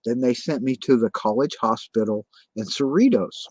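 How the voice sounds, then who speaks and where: A man's voice: mid-range voice, normal speed, darkish tone, husky, no echo. A man telling his story in casual conversation, agitated and profane, insisting on the same points again and again.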